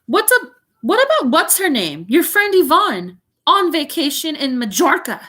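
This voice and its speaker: Aunt Petunia, shrill and snappish, read by a woman. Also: huge pitch swings, slow pace, a bit bright, heavily acted. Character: shrill, doting snobbish aunt.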